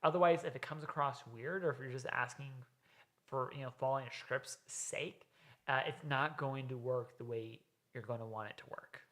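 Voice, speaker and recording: A man's voice: medium pitch, moderate pace, fairly bright tone. A man hosting a reaction video, explaining sales techniques in casual commentary with frequent "right?" asides.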